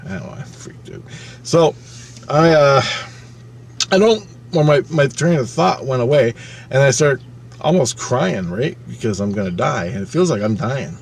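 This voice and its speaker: Male storyteller, mid-pitched, plain casual delivery, profane and animated, faint hiss behind. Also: moderate pace, creaky. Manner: swears freely, acts out his own past thoughts with sudden loud and quiet swings. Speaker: channel host recounting a personal experience.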